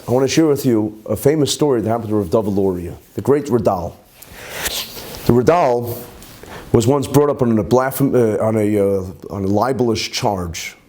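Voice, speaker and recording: Rabbi guy giving a class, tells stories, jumps up in pitch when quoting. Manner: animated, quotes figures in raised voices. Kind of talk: Torah class with storytelling.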